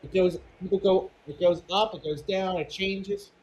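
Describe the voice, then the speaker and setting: Matter-of-fact man with a high voice. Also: steady tone, moderate pace, a little mellow, highs cut off. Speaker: co-host of a movie watch-along. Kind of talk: casual chat.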